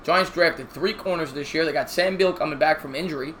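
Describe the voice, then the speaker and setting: This is a 30-something man doing casual baseball play-by-play on a live stream. He keeps it chatty and jokey, reading viewer comments aloud and giving shoutouts. His pitch runs on the high side and his pace is fairly quick, with a fairly bright tone over slight background noise.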